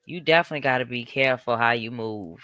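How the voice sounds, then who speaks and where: A woman giving casual reaction commentary in a measured, cautionary, reflective way. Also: a bass voice, fairly bright tone, dry recording, studio quality.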